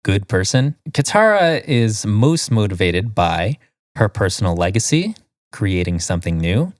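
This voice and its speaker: A man's voice: lowish voice, sing-song, unhurried, no room sound, clean studio sound. A man co-hosting a casual podcast, reading quiz questions and options aloud in a sing-song way with frequent giggles. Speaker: podcast co-host.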